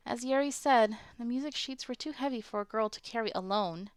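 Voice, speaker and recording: A woman's voice: a little high, a little fast, hardly any pauses, smooth, no room sound. A woman streaming a visual novel playthrough, reading the game's text aloud and chatting playfully with her viewers. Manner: chatty, playful, reacts to chat. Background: faint game music.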